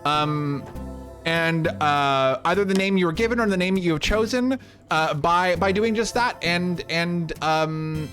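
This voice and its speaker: A man's voice: on the high side, measured pace, a bit bright, soft background music. A man live-streaming a game, chatting casually and rambling as he thanks viewers. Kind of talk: casual live-stream chat while playing.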